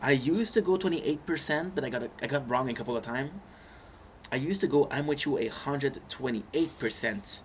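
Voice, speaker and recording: A man's voice: medium pitch, normal speed. A male gaming streamer, chatting casually and jokingly with his viewers and calling them bro. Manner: rambling, jokey, calls people bro. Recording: slightly muffled, faint background hiss.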